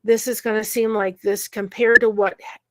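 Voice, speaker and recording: A woman telling a painful personal story in conversation, earnest and emotional, with quick asides. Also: mid-range voice, little pitch movement, a little hiss or hum. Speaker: guest sharing a personal story.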